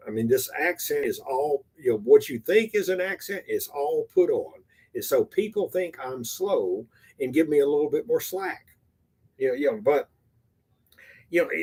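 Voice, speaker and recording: Brief: older man from Texas, husky voice, rambling self-deprecating vlog talk. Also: on the high side. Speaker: amateur stand-up comedian. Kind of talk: casual vlog, rehearsing stand-up.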